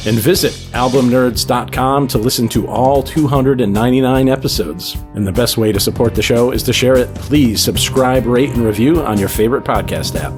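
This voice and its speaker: A man's voice: medium pitch, brisk, hardly any pauses. A man co-hosting a music podcast in casual chat, jokey and upbeat, now and then singing a silly line. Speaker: podcast co-host.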